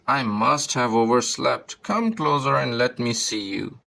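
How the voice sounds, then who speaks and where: A man's voice: mid-range voice, measured pace, gravelly, sharp tone. A man voicing a scheming, sly old male wolf in a storybook reading, gloating as he plots. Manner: chuckling, gloating.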